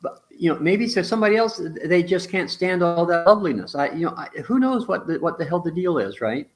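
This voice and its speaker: Brief: talkative man, somewhat high voice, blunt and rambling, swears casually. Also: animated, brisk. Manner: rambling, blunt, mild swearing, acts out quotes. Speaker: relationship teacher in a conversation. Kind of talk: casual discussion.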